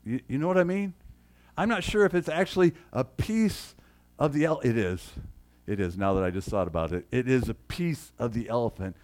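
A middle-aged pastor with a medium-pitched voice preaches at a fairly quick pace. He puts questions to the congregation in call-and-response style and reads scripture aloud with mounting, animated emphasis.

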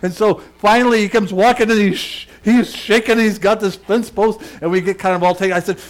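A middle-aged male pastor preaching and telling a lively personal story, shouting and laughing at its peaks. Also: high voice, brisk, hardly any pauses, a little hiss or hum.

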